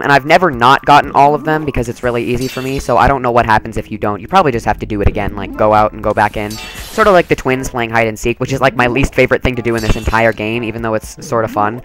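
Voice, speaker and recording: Give me a chatty man doing casual game commentary with a mid-range voice over quiet music. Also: mid-range voice, poor audio. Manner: chatty, rambling, lots of "like". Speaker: let's play commentator.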